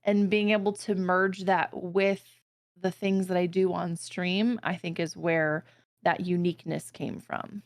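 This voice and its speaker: A woman's voice: fairly low pitch, flat delivery, unhurried, no room sound. Playful woman co-host, dry close sound. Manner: playful, joking, earnest when explaining. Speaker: streamer co-host. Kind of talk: casual stream chat.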